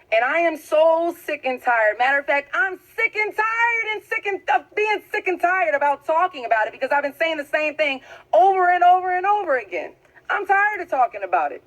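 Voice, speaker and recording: A woman's voice: a little high, poor audio. Impassioned woman pleading to camera. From Louisiana, US. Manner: emphatic, pleading, repeats phrases for force. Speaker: video blogger.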